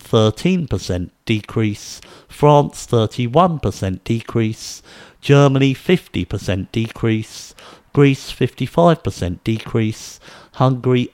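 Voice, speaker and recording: A man methodically reading out a list of figures and then giving his own speculative commentary, in a steady, measured way. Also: mid-range voice, dry recording. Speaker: video commentator.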